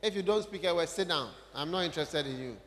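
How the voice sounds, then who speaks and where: A man's voice: a little high, lively intonation, a little fast, a bit bright. A man preaching a sermon, talking conversationally and putting questions directly to the congregation in a church hall.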